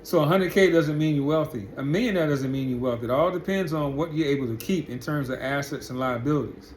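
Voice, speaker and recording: A fast-talking commentary channel host with a fairly high voice for a man launches a blunt, foul-mouthed monologue full of rhetorical questions. There's a faint hiss of noise under the recording.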